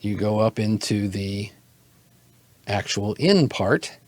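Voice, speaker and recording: A man narrating as game master of an online tabletop game, halting and relaxed, with lots of fillers. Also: on the low side.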